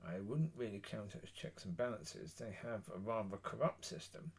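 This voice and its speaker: Man, solo political monologue, gravelly, husky, blunt, rambling. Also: fairly low pitch, expressive, a little mellow. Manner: blunt, opinionated, rambling with pauses. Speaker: political commentator.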